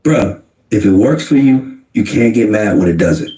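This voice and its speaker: A man's voice: on the low side, lively intonation, normal speed, dark tone, far from the mic. A man arguing emphatically in a casual podcast debate, repeating his points for effect. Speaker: podcast co-host in played clip. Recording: roomy, off-mic podcast clip.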